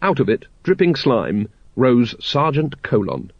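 Guy reading a fantasy novel aloud, really animated pitch, dull lo-fi recording. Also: measured pace, no room sound. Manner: expressive, character-driven reading. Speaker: audiobook narrator. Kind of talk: scripted narration.

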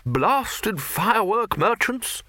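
A blustering, no-nonsense old head wizard, as a man puts him on, barking and grumbling in a raised, lively voice in a storybook reading. The sound is bright and dry, close to the mic. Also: high-pitched, slow pace, dry recording, voice pushed up, heavily acted. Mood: brusque. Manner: gruff, brusque, snapping. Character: blustering older male wizard head, brusque.

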